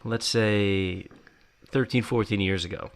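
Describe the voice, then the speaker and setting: A man in his thirties hosting a podcast, talking in a relaxed, reflective way. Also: fairly low pitch, measured pace, vocal fry. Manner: relaxed, reflective, quotes himself. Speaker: podcast host. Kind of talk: casual chat.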